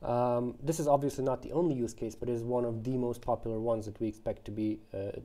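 Man, mid pitch, very dark warm timbre; founder explaining his tech with analogies, casual fillers and restarts. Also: steady tone, fairly quick. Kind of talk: explanatory talk to camera.

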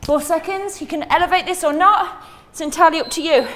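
A woman's voice: very high-pitched, brisk, a bit bright. A woman fitness instructor coaching a workout while doing it herself, counting reps and calling out moves, a little out of breath.

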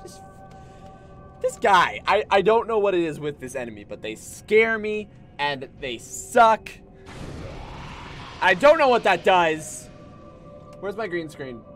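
A high-pitched man with a lively, swooping voice, streaming a game and shouting curses at the enemies. He talks at an unhurried pace, and game music plays clearly behind him. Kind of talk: live gameplay commentary.

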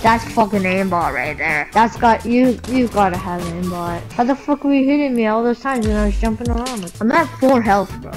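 A woman in online game voice chat who swears constantly, accuses an opponent of cheating and breaks into high yells. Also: fairly quick, few pauses. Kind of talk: heated gaming voice chat. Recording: game audio with loud music behind. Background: loud background music.

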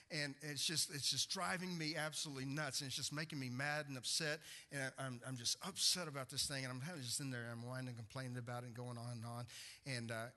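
A man's voice: fairly high pitch, pushed and bright. A man, a pastor preaching a conversational sermon full of stories and restarts. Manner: conversational storytelling with repeated restarts.

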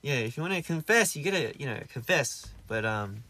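A young man with an Australian accent chats loosely into a close, dry microphone, reading out viewer comments as a live-stream host. He rambles in an easygoing way, restarting sentences and leaning on fillers, and his voice sits at an ordinary middle pitch. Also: expressive, fairly quick, pushed and bright, no echo. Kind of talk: casual live-stream chat answering comments.

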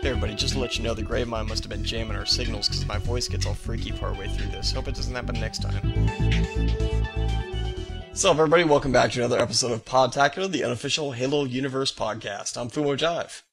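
A man's voice: medium pitch, quick pace, gravelly, loud music behind the voice. A man hosting a casual gaming podcast, opening the show in a jokey, upbeat way. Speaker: podcast host. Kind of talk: casual chat.

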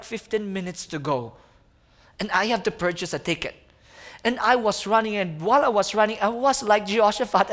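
A young man, preaching as a guest speaker and telling a personal story in an animated way, often calling his listeners friends. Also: high-pitched. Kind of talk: sermon storytelling.

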